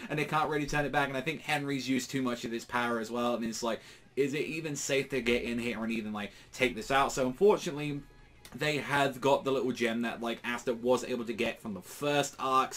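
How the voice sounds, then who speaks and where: Brief: man, mid pitch, rambling casual recap, filler-heavy, excitable delivery. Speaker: anime reviewer.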